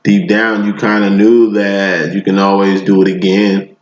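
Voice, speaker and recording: Deep-voiced man reading tarot, laid-back slang. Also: a little slow. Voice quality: self-described monotone. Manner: laid-back, slangy, chuckles between lines. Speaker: tarot reader. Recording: echoey room, dull lo-fi, loud background noise.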